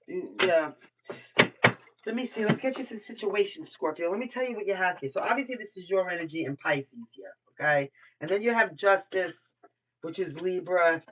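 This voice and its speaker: A woman's voice: medium pitch, fairly bright tone, slight background noise. Blunt older New woman reading tarot. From Brooklyn, New York. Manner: blunt, chatty, swears freely, thinks aloud. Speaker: tarot reader. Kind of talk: live tarot reading, casual chat. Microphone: computer mic. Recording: voice somewhat far from the mic.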